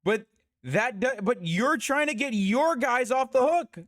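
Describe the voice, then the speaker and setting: A man streaming a heated reaction, talking fast and repeating himself. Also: very high-pitched, animated, a bit bright, dry recording, clean studio sound.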